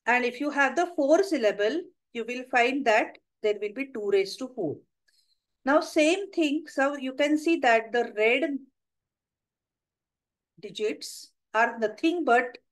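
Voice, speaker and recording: A woman's voice: a little high, rough recording. Methodical Indian woman lecturing. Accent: Indian English. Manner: methodical, counts through examples step by step. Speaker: webinar presenter on math history. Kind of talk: lecture with slides.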